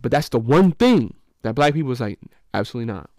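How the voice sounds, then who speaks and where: Dry-sounding man in animated chat. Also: medium pitch, brisk, no room sound. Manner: animated storyteller, acts out quotes. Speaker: podcast co-host. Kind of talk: casual podcast chat.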